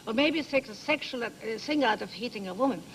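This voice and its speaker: Older Hungarian-accented woman, talk show guest; gravelly, dramatic, broken English; faint noise. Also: a little high, expressive, fairly quick, rough recording. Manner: theatrical, laughing storyteller with broken English phrasing. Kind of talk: animated anecdote telling. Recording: 1980s TV studio audio with background noise.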